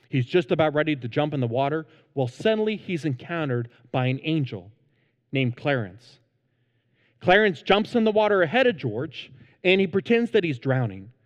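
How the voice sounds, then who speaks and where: A man's voice: fairly high pitch, big-room sound. A man preaching a sermon as pastor, earnest and emphatic, in a church sanctuary.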